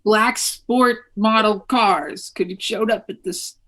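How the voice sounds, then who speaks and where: A woman's voice: mid-range voice, slow pace, fairly bright tone. A woman co-hosting a casual chat, wry and teasing. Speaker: co-host.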